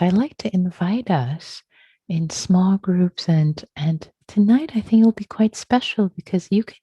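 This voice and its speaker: A woman meditation teacher speaking gently and reassuringly to a group on a video call, slow and sometimes breathy. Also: lowish voice, lively intonation, no room sound. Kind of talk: gentle dharma talk to a Zoom group. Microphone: computer mic on a video call.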